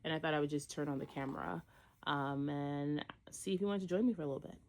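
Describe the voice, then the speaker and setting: A woman's voice: low-pitched, fairly even intonation, fast talker, gravelly, background noise. A woman vlogger talking casually to her camera, chatty and rambling with frequent fillers. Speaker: crafting vlogger. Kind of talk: casual vlog chat.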